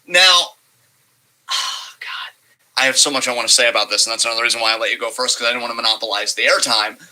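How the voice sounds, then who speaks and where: A man co-hosting a casual wrestling review podcast, breaking down the show in a measured, analytical way with the odd curse. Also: mid-range voice, pushed and bright, low-quality recording. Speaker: podcast co-host.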